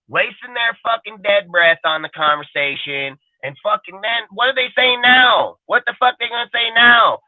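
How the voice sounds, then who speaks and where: A man's voice: high-pitched, dry recording. A man hosting a sports talk show, ranting in a heated, profane, exasperated way. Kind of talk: heated casual sports rant. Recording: tinny phone-like line, dry.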